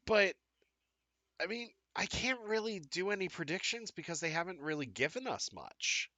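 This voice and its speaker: A podcast co-host with a high-sitting, very animated, sharp-toned voice chats casually at normal speed on a live fan talk show, with no room sound. His live-stream talk rambles along with many fillers and restarts.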